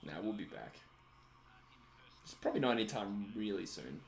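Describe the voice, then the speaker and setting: Aussie guy on a live watch-along, lowish voice, chatty and laughy, replying to chat. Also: very animated, moderate pace, gravelly, faint music behind. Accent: Australian. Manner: chatty, laughs often, answers chat comments. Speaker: livestream host. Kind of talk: casual watch-along commentary.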